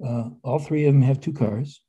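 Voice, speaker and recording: Older man, husky mellow voice. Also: medium pitch, moderate pace, lo-fi sound. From United States. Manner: rambling, with restarts and wry asides. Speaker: author and historian guest. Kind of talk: conversational interview.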